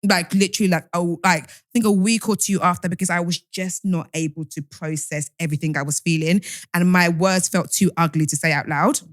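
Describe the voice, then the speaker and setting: A woman's voice: lowish voice, fairly even intonation, brisk, hardly any pauses, dry recording, studio quality. A young woman, co-hosting a podcast in candid, rambling casual chat. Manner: rambling, candid, restarts often. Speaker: podcast co-host.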